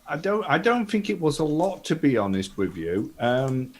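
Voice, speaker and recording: A man's voice: on the high side, very animated, normal speed. A man playing a tabletop game, talking casually and hesitantly. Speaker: player.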